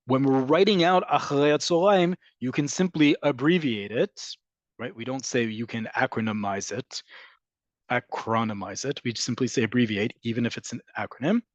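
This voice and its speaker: A man teaching an online language lesson, explaining patiently and repeating key words slowly for emphasis. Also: mid-range voice, no echo. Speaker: Hebrew teacher.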